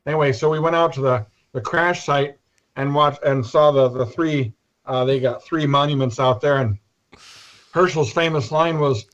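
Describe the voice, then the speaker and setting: A man from North Iowa, a guest telling rambling, halting anecdotes over a video call and often clearing his throat. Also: medium pitch, muffled recording. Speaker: interview guest. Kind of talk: casual anecdotes.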